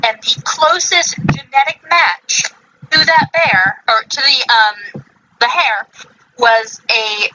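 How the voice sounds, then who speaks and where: A woman's voice: a little high, takes it slowly, bright, forceful tone, lo-fi sound. A woman hosting a podcast in casual chat, rambling with many fillers and self-corrections. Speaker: podcast host.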